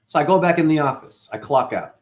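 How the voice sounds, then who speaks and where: A man's voice: fairly high pitch, animated, fast talker, darkish tone. A man recounting a conflict with his boss at his cleaning job, talking emotionally and quoting people as he tells it. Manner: emotional, recounting grievances with acted quotes. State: chronic hip pain. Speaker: janitor. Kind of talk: personal vlog storytelling.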